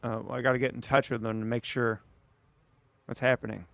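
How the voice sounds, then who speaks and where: A man's voice: medium pitch, level tone, brisk, creaky, a bit bright, dry recording. A man streaming late at night, chatting casually and rambling back at his viewers.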